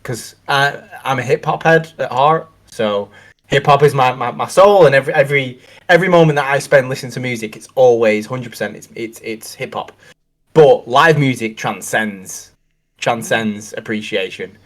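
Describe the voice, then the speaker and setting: A man's voice: mid-range voice, moderate pace. A middle-aged man co-hosting a casual chat, talking in rambling, reflective sentences full of restarts. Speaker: co-host.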